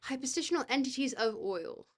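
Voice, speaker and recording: A woman with a fairly high voice reads a dense book aloud on a live stream. She keeps breaking off to chat, hesitating with fillers and laughing at herself. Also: lively intonation, fairly quick. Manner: laughs easily, self-deprecating.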